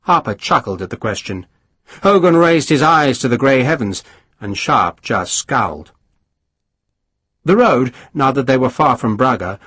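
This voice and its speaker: A husky male narrator reads a historical novel aloud in a measured, expressive way. His pitch moves freely across phrases, and the close studio sound is dry, with no room echo. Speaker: audiobook narrator. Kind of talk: scripted narration.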